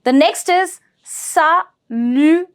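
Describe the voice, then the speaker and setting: A woman teaching a pronunciation lesson, breaking words into syllables and repeating each one slowly. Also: sits high. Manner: slow, syllable-by-syllable with repeated drilling. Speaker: language teacher.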